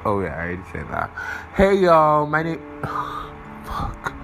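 A man's voice: low-pitched, sing-song, normal speed, gravelly, a bit bright, faint music behind, poor audio. A young man hosting a podcast, rambling casually, swearing often and losing his train of thought while he has a cold. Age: young adult. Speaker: podcast host.

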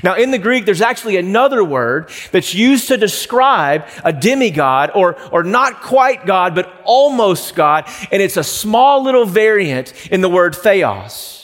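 Guy preaching a sermon, pretty high voice, echoey church hall, earnest and explaining. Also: very animated, a bit bright. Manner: earnest, explanatory preaching with emphatic slowed phrases. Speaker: pastor. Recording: reverberant hall.

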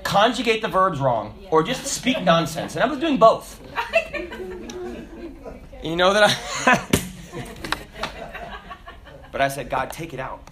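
A man preaching a sermon, telling stories with laughter in an animated, lively way. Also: high voice, takes it slowly, pauses often, crowd noise. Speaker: pastor.

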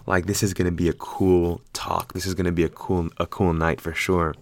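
A man's voice: sits low, moderate pace. A man casually retelling a story, rambling and swearing freely, quoting other people as he goes. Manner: rambling, profane, animated retelling with quoted voices.

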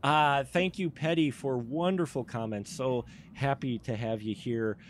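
A man's voice: medium pitch, measured pace, slight background noise. A man hosting a casual live-stream chat, loose and chatty, laughing often. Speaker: podcast host.

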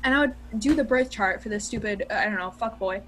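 A young woman co-hosting a podcast, telling stories in an animated, casual way and swearing freely. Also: medium pitch, fast talker, a little hiss or hum. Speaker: podcast co-host. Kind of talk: casual chat.

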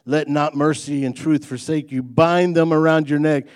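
A man's voice: a little high, fairly even intonation, normal speed, a little mellow. A man delivers a sermon in a folksy, conversational manner. He mixes light humor with rising emphasis on his main points, sounding like a pastor talking straight to his congregation.

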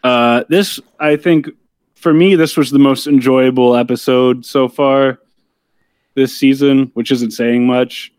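A man's voice: medium pitch, fairly even intonation, slow pace, darkish tone, clean tone, no echo. A man co-hosting a podcast, giving blunt, dry criticism of a TV episode and swearing casually. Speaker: podcast co-host. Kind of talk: casual chat reviewing a TV episode.

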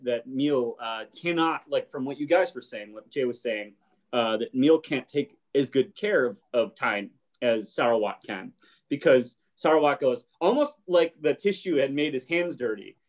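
A man's voice: mid-range voice, lively intonation, normal speed. A man hosting a casual chat and retelling a show scene, briefly acting out the characters' lines. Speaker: podcast host.

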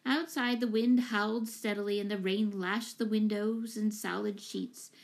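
Woman narrator, audiobook, steady expressive storytelling, middle pitch. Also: measured pace, vocal fry.

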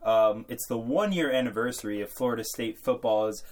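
A man's voice: medium pitch, a little fast, darkish tone. A young man co-hosting a college podcast, telling rambling, joking stories before turning to sports. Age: young adult. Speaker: podcast co-host. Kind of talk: casual college sports chat.

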